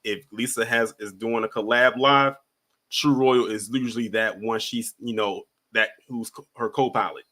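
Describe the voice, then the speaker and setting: A man hosting a casual live call-in stream, talking with a bright, forceful tone. He is laid-back and repeats himself as he brings callers up one at a time. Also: mid-range voice, steady tone, normal speed. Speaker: livestream host.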